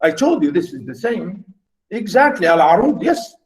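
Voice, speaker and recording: A man's voice: high-pitched, big pitch swings, brisk, rough recording. A man lecturing students over a video call, explaining poetic meter in a rambling way with many fillers and repeats. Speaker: university literature lecturer.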